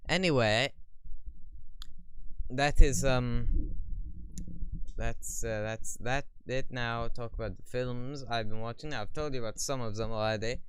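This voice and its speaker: A man chatting on a live stream, reading viewer questions aloud and answering them in a rambling, wry, deadpan way. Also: mid-range voice, a little slow, pauses often, slight background noise. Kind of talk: casual live stream chat.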